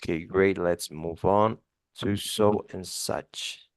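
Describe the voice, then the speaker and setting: A man's voice: deep voice, fairly even intonation, slow pace, no room sound. A man teaching English one to one, explaining grammar casually with many fillers and spoken examples.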